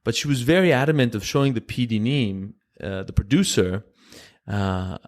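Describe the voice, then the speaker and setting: A man's voice: medium pitch, normal speed. A man from Greece, a podcast guest telling a story in casual chat and acting out the voices of people he quotes.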